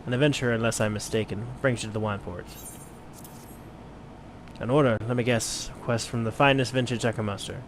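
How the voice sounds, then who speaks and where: Brief: a man doing a blind old wine merchant, courteous, measured, mid-pitched, faint noise. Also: steady tone, close to an everyday voice. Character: blind retired mercenary turned wine merchant, genteel. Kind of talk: let's play voice acting.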